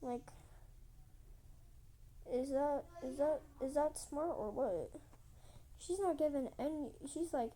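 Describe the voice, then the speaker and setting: A woman's voice: high voice, takes it slowly, long pauses, warm tone. A woman telling a rambling story casually while drawing, repeating herself and acting out quotes with lots of "like". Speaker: channel host.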